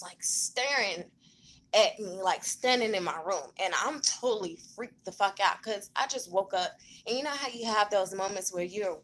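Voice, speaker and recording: A woman vlogging casually from a hospital room, telling a story in an animated, conversational way. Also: mid-range voice, poor audio. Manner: animated, conversational, many fillers.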